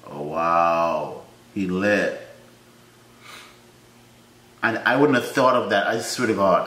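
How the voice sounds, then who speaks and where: A man hosting a reaction video in casual commentary, breaking into loud startled exclamations and laughter between wry remarks. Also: sits low, a little slow, pauses often. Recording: roomy echo with faint ambience.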